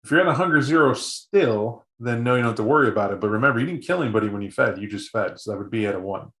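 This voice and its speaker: A man's voice: mid-range voice, lively intonation, very fast, a bit bright. A man serving as game master, narrating a tabletop role-play in a casual, rambling way full of fillers. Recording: echoey room.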